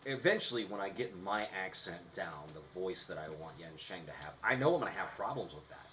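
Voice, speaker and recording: A man's voice: deep voice, animated, fairly quick, pushed and bright, low-quality recording. A man co-hosting a podcast, explaining rehearsal tips in a casual, instructive way. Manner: instructive, restarts often. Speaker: podcast co-host.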